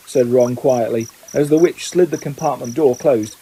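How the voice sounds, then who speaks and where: A man reading a novel aloud at a steady pace, raising his voice slightly for the characters' lines. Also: normal speed, few pauses, a little hiss or hum, low-quality recording. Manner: reads steadily, lifting pitch for quoted lines. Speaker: audiobook reader. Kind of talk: scripted narration.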